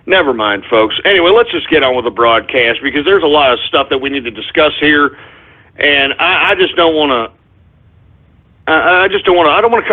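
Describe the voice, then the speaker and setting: A man hosting a call-in radio show, ranting angrily with curses, sighs and stumbling restarts. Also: high voice. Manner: angry, cursing, frequent sighs and restarts. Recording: tinny phone-like lo-fi audio.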